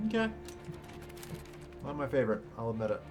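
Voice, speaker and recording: A young man livestreaming a strategy game, exasperated and quick to swear, jumping from flat muttering to loud bursts of frustration. His pitch sits in the middle of the male range, and faint music plays underneath. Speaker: streamer. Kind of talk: casual game stream commentary.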